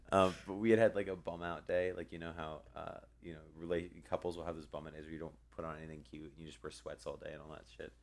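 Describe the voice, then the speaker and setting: A man's voice: a bass voice, steady tone, fairly quick, vocal fry, a little hiss or hum. A young man co-hosting a podcast, telling a story in a rambling casual way with many ums and restarts. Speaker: podcast co-host.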